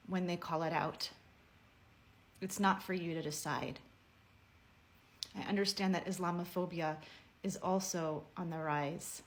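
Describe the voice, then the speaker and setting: A woman telling a personal story in a heartfelt message to camera, speaking earnestly and at a measured pace. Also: fairly low pitch.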